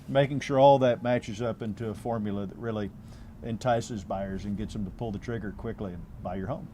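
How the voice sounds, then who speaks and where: A man's voice: fairly low pitch, fairly quick, warm tone, a little hiss or hum. A man, a real estate agent answering interview questions in an easygoing way, often restarting his phrases.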